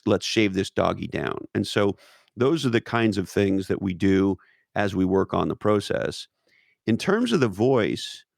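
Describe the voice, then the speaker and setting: Man, low gravelly voice, emphatic, swears often, dry close sound. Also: no echo. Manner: profane, repetitive restarts, emphatic. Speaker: guest. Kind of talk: casual interview talk.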